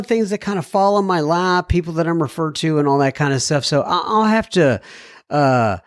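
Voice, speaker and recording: Chatty man with a lively voice. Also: fairly high pitch, moderate pace, no echo, clean studio sound. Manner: chatty, rambling, self-deprecating. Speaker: podcast host reading listener mail. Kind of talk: casual chat.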